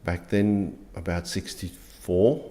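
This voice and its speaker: A middle-aged man from South Africa with a South African accent, an interview guest speaking earnestly and haltingly, with frequent restarts. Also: deep voice, steady tone, dark tone. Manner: earnest, halting, many restarts and repeated words. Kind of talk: conversational interview.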